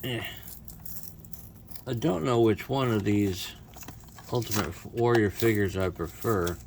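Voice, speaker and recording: A man's voice: lowish voice, slow, slight background noise. A man doing casual unboxing commentary as a toy reviewer, with wry, self-mocking asides.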